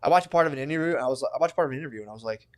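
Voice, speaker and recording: A man's voice: mid-range voice, racing. A man co-hosting a podcast, rambling through crude jokes in casual banter and laughing often. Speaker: podcast co-host.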